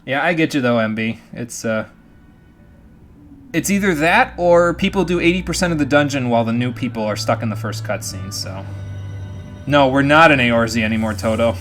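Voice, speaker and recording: A man's voice: mid-range voice, animated, brisk, soft background music. A man commentating a live game stream, chatty and jokey. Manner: chatty, jokey, frequent laughs.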